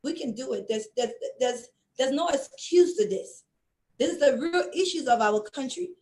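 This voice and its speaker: A woman from Liberia makes an impassioned closing appeal as an interview guest, her voice sitting a little high. She speaks earnestly, close to tears, and repeats her phrases for emphasis. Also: expressive, normal speed, darkish tone, poor audio. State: tearing up. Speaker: guest, project founder.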